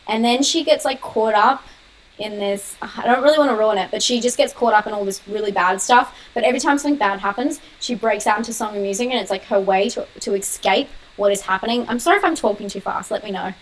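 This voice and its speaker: A woman's voice: mid-range voice, rough recording. Chatty young woman hosting a live Q&A. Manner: chatty, quick, laughs often, reads out viewer comments. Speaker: horror channel host. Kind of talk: casual live-stream Q&A.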